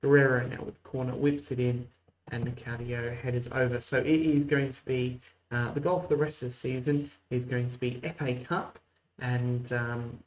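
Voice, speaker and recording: A man talks over a game he is playing, calling the action like a match commentator and then dropping into quiet muttered asides. His voice sits at an ordinary middle pitch, with a faint hum of room noise behind it. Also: flat delivery, moderate pace, poor audio. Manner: mock play-by-play, muttered asides. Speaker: host. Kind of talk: casual let's-play game commentary.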